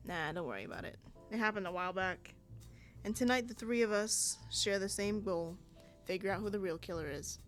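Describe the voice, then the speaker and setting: Woman as a weary game detective; calm, low, plain delivery. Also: fairly quick, faint music behind, lightly acted. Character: weary middle-aged male detective.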